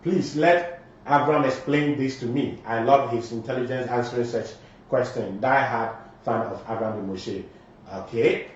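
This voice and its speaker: A man's voice: medium pitch, a little slow. A man with a Ghanaian accent hosting a live show, switching between Twi and English and reading out viewer comments with emphatic delivery. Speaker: morning show host. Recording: very echoey, distant, dull lo-fi sound.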